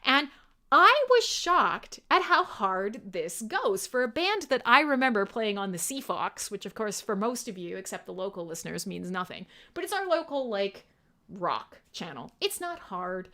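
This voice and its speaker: A woman's voice: medium pitch, big pitch swings, moderate pace, sharp tone. A young adult woman hosting a live metal radio show, chatting irreverently with listeners, swearing and laughing often.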